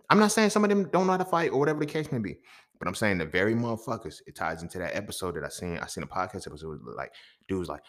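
A man hosting a podcast, telling a story in a casual, profane monologue that swings between loud outbursts and quiet asides. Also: deep voice. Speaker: podcast host.

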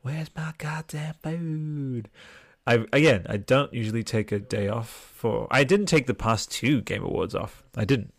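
A man's voice: on the low side, normal speed, gravelly, hardly any pauses, dry recording. A man hosting a podcast livestream, reading out viewer comments in a rambling, chatty way, tired and swearing freely. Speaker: podcast host. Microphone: desktop mic with headphones.

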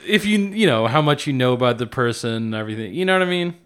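A man's voice: mid-range voice, animated, fast, a bit bright, clear, resonant tone. A man co-hosting a podcast in casual chat, rambling with many restarts and some swearing. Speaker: podcast co-host.

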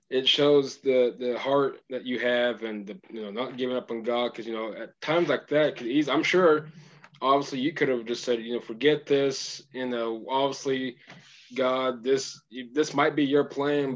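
Man, interviewer, mid-range voice, relaxed and halting, dull lo-fi recording. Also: medium pitch. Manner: relaxed, halting, lots of fillers. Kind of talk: casual interview. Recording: dull lo-fi sound.

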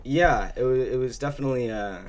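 A man's voice: mid-range voice, fairly quick, a little mellow. A young man in casual chat, rambling with many fillers and laughing often.

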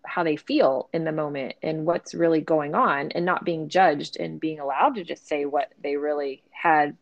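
Lower-pitched woman thinking aloud on a podcast. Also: steady tone, dull audio. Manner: thoughtful, self-searching, quick asides. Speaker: podcast co-host. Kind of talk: casual conversational podcast.

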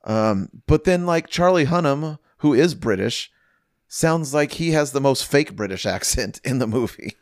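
A man of ordinary pitch chatting on a podcast, rambling through his thoughts with plenty of fillers and casual swearing. He is recorded close and dry, with no room sound around him. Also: expressive, a little slow, no room sound. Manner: rambling, filler-heavy, profane. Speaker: podcast co-host. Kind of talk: casual chat.

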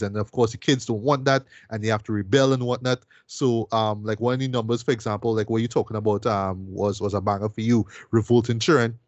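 A man's voice: medium pitch, fairly even intonation, a little fast, hardly any pauses, a little mellow, no echo, dull audio. Rambling man reviewing a film. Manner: rambling with repeated words and fillers; peppers speech with "boy" and "right?". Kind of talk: casual podcast chat.

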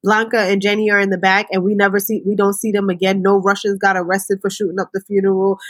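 Brief: husky woman host, lively casual recap, dry close sound. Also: mid-range voice, fast talker, no echo. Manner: animated, laughing storyteller. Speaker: podcast host.

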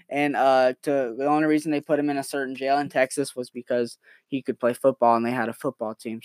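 A man's voice: medium pitch, dry recording, clean studio sound. A young man hosting a casual home podcast, talking in a hyper, rambling way and swearing freely. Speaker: podcast host. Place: at home with his dog. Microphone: new desktop microphone.

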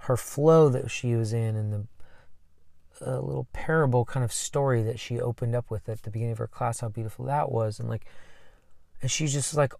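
A man's voice: medium pitch, fairly even intonation, moderate pace, creaky, dry recording, studio quality. A man who coaches, talking casually and earnestly about himself, rambling with many fillers. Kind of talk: casual personal talk.

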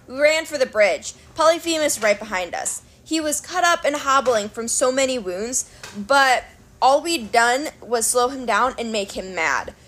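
Woman, storybook narrator, dramatic, lively swooping pitch, higher voice. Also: moderate pace. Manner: animated, dramatic. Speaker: audiobook narrator. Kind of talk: expressive storybook reading.

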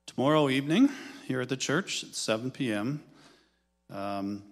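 Man, church announcement, hesitant delivery, medium pitch, long hall reverb. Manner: hesitant, reads scripture then speaks plainly. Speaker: ministry leader giving an announcement.

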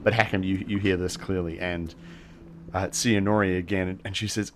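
A man narrating as game master for a tabletop game, halting often with fillers and restarts. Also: sits low. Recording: steady background hiss.

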